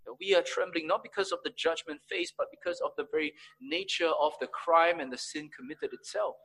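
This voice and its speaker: A man preaching a sermon as pastor, swinging between emphatic raised peaks and quiet, low passages. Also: fairly quick, rough recording.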